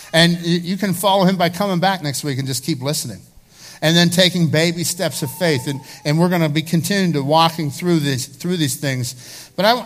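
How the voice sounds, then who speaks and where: A man's voice: fairly high pitch, a bit bright. A male pastor preaching a sermon, impassioned, rising to pleading peaks.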